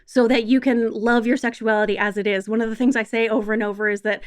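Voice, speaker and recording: A woman's voice: fairly high pitch, steady tone, quick pace, clean tone. A woman sex educator talking frankly and wryly as a podcast guest, emphatic and conversational.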